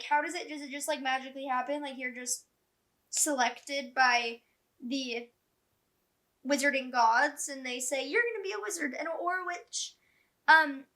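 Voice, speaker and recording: A woman chatting excitedly in a casual reading vlog at home, filling her talk with "like". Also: high voice. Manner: chatty and excitable, heavy use of "like". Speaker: book vlogger.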